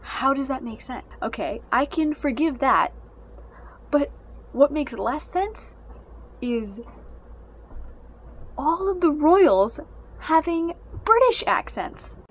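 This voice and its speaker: A woman's voice: high voice, expressive, slow pace, long pauses. A young woman giving a casual, exasperated spoken review of a book and its movie adaptation. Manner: exasperated, ranting.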